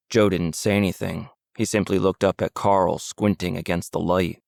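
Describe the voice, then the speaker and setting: Audiobook narrator, male, deep gravelly voice, steady and measured. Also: no room sound, studio quality. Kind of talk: scripted narration.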